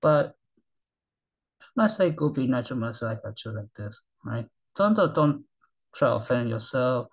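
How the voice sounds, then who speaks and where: Halting man in his thirties. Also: mid-range voice, lively intonation, breathy edge, rough recording. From Japan. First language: Japanese. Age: 30s. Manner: halting broken English, often trailing off softly. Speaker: reaction video host. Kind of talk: rambling casual monologue.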